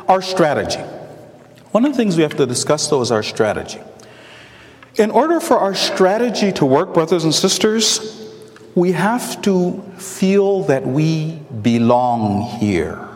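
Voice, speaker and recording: Animated male preacher in a reverberant hall. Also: a little high. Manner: animated storytelling with quoted voices. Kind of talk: sermon storytelling.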